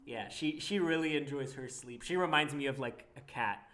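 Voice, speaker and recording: A young man in a relaxed chat with friends. He speaks earnestly and reflectively, often breaking into light laughter. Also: medium pitch, normal speed, a crowd in the background. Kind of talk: casual couples chat.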